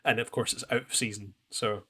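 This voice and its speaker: A man's voice: fairly low pitch, fairly even intonation, fairly quick, pushed and bright, husky. A man co-hosting a podcast, chatting casually and rambling as he recaps an anime, acting out lines. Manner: rambling, self-interrupting, acts out quotes. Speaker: podcast co-host.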